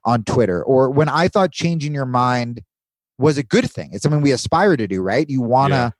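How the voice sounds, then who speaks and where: A man's voice: medium pitch, lively intonation, normal speed, no room sound. A man talking as a podcast guest, earnest and confessional, with plenty of swearing. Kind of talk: casual podcast chat.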